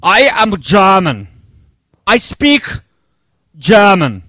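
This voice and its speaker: A man's voice: high-pitched, wildly swooping pitch, extremely slow, pushed and bright, no echo, studio quality, full character voice. A man preacher putting on a German man with an exaggerated, clipped accent to make a point. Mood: mock-earnest.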